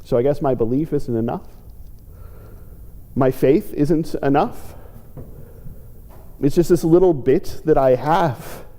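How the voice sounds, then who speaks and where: A man's voice: slow pace, long pauses, dark tone. A male pastor giving a reflective sermon, sometimes voicing the pleas of people he describes. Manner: reflective, acts out quoted pleas with lifted pitch. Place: church sanctuary. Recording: church sanctuary with long reverb.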